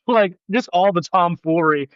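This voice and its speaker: Guy with a high voice telling a story on a podcast, animated, says like and dude a lot, kinda dull audio. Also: a little slow, dry recording. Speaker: podcast guest. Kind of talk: casual storytelling.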